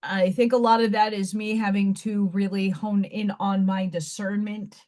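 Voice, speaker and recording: A woman's voice: mid-range voice, little pitch movement, normal speed, a little mellow. A woman with a fading Staten Island New York accent, chatting bluntly and rambling on her own live stream. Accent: faded Staten Island New York. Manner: blunt, rambling, frequent restarts. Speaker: livestream host. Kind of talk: casual live-stream chat.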